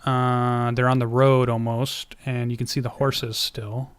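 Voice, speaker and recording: A man's voice: mid-range voice, little pitch movement, a little slow, smooth. A man running a tabletop game session as game master, narrating in an easygoing way with frequent filler hesitations.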